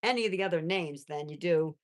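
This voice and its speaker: Speaking a little fast in a lowish voice, this middle-aged livestream host chats casually with her audience. She reads the chat out loud and slips into warm baby talk with her pets.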